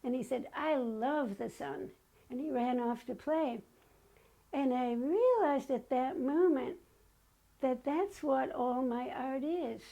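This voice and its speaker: Slow and dark-toned, her voice sits high as this older woman guest tells personal stories. She's chatty and acts out remembered dialogue, though the recording is rough.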